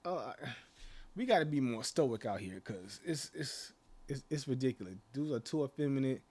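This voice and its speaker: A man's voice: medium pitch, animated, moderate pace, a little mellow. A man talking casually to camera as a channel host, rambling with lots of "like" and "you know" and mocking rhetorical questions. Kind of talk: casual opinion rant to camera.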